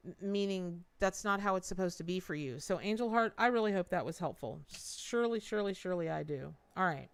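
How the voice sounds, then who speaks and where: Chatty lady doing a live tarot reading, talks right to her viewers, repeats herself, nice smooth voice. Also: lowish voice, lively intonation, fairly quick, hardly any pauses. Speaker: tarot reader.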